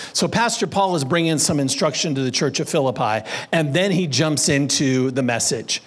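Higher-voiced preacher leading his congregation. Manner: playful wordplay, leads the congregation in call and response. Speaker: pastor. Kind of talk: sermon.

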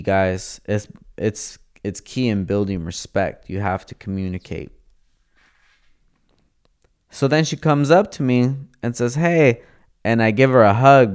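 Young man, casual slangy storytelling, low voice, smooth and clear. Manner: profane, laid-back, slangy, acts out quoted dialogue.

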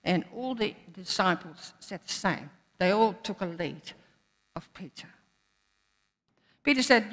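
A woman's voice: on the low side, a little slow, a bit bright. A woman preacher giving a sermon in an earnest manner, repeating phrases for emphasis. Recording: echoey hall.

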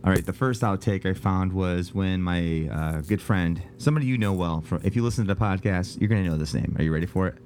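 Over music, a man with a low voice hosts a casual comedic podcast from home, talking fast with few pauses. He rambles, cracks jokes, and keeps interrupting himself indoors.

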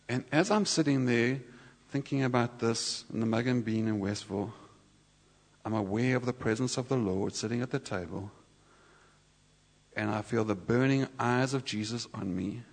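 A man sharing a personal sermon testimony in a church, conversational and halting, with many restarts. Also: mid-range voice. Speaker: church speaker. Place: church hall. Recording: reverberant church hall.

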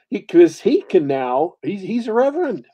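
A man's voice: high-pitched, dark tone, slightly rough. A man co-hosting a casual chat, rambling, laughing often and restarting his sentences. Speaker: podcast co-host. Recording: lo-fi, dull sound.

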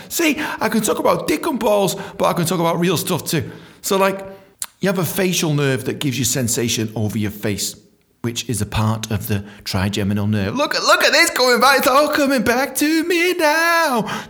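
Animated sweary British man ranting. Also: a little high. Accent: British English. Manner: animated ranting, sweary, mimics people in quick voices. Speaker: podcast host, dentist. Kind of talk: profane comedic monologue.

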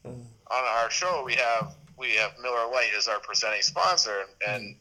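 A man's voice: mid-range voice, normal speed, pushed and bright, poor audio. A man in his thirties chatting as a podcast guest, rambling with restarts and fillers. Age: 30s. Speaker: podcast guest, sports media host. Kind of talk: casual interview chat.

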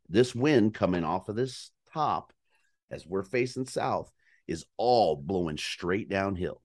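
A man telling a hunting story in casual chat, animated and profane, acting out calls and his own reactions. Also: on the low side. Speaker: guest storyteller on a hunting podcast.

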